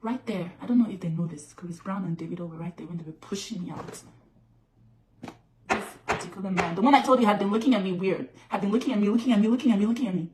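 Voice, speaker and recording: A woman's voice: medium pitch, quick pace, far from the mic, noisy background. Woman recounting a story in an echoey room. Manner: repetitive, emphatic retelling. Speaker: vlogger. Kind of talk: personal storytelling to camera. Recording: roomy echo.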